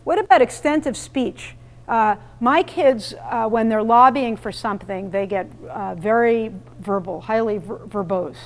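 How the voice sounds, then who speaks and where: A woman's voice: a little high, a little slow. A woman presenting an interactive parenting workshop, speaking emphatically and questioning her audience in a meeting room. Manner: emphatic, quizzes the audience, role-plays lines to kids.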